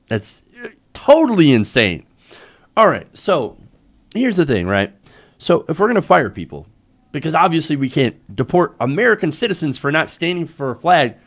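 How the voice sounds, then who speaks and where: Man, political commentary host, sarcastic profane rant, fairly high voice, pitch swinging all over. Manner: exasperated, profane, sarcastic ranting.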